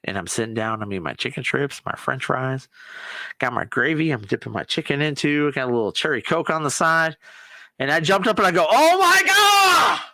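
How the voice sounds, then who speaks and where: A man hosting a podcast, chatting casually and excitably about sports and swearing now and then. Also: medium pitch, dry recording. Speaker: podcast host. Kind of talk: casual solo chat.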